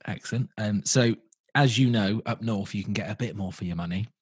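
Husky low-voiced man on a podcast. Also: fairly quick, no echo. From southern England. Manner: playful, teasing, chuckles often. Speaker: podcast co-host. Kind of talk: casual podcast chat.

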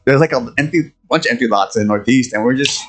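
A man's voice: mid-range voice, fast talker, soft background music. A man co-hosting a podcast in casual chat, swearing a lot and laughing as he tells stories from his childhood. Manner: animated, swears, laughs often. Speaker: podcast co-host.

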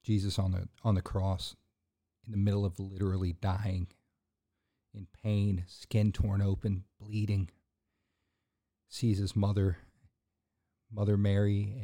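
Low gravelly man preaching on a podcast. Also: flat delivery, normal speed, dark tone. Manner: earnest preaching, builds to emphatic bursts; casual fillers and restarts between points. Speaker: podcast host. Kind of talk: sermon-style podcast talk.

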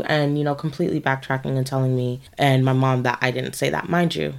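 A woman's voice: rumbling low, fairly even intonation, brisk, vocal fry, clean tone. A woman co-hosting a podcast, telling a personal story in casual chat, rambling with many fillers. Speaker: podcast co-host.

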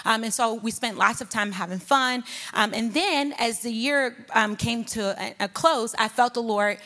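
A woman sharing a personal faith testimony in church, telling her story in a lively way and acting out her conversations with God. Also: medium pitch. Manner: lively storytelling, acts out her own inner dialogue with God. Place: church sanctuary. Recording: long reverb of a large hall.

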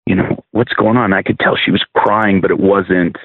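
A man's voice: low-pitched, fairly even intonation, moderate pace, dry recording. A man, a minister, earnestly telling a testimony as a podcast guest, often restarting and repeating words. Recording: dry, phone-like narrow sound.

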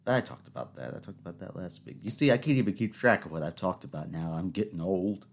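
Young guy in his twenties, lowish voice, chatty solo podcast host who rambles and pokes fun at himself, then gets worked up. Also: expressive, fast, creaky. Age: 20s. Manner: rambling, self-mocking, rising into exasperated rants. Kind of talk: casual solo podcast monologue.

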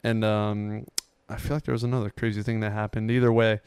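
A young man on a podcast telling excited, rambling stories in casual chat. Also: lowish voice, a little fast, smooth, no echo. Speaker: podcast co-host.

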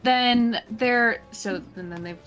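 Woman, tabletop player, slightly high voice, hesitant and apologetic, faint music behind. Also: takes it slowly. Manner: hesitant, apologetic, full of ums. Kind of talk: casual tabletop game play.

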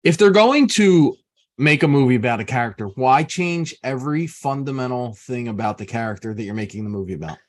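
A man co-hosting a podcast, his voice sitting at an average pitch. He talks in a blunt, exasperated way during casual chat. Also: animated, brisk. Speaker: podcast co-host.

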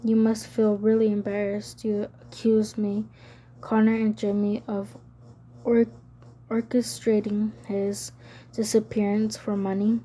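A woman's voice: mid-range voice, mellow, close to an everyday voice. A woman voicing a tense, defiant teenage girl who speaks coldly and with menace. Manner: cold, threatening.

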